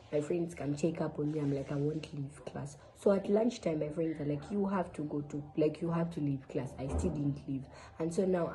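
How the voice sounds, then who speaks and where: A woman's voice: low voice, warm tone, a little hiss or hum, rough recording. A young woman from Zambia casually telling viewers a personal story, chatty and full of fillers. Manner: chatty, addresses viewers as guys, many fillers. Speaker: vlogger sharing a testimony.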